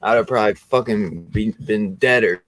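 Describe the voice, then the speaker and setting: A man in a casual chat, talking earnestly in relaxed, slang-heavy speech. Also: lowish voice, moderate pace, no echo.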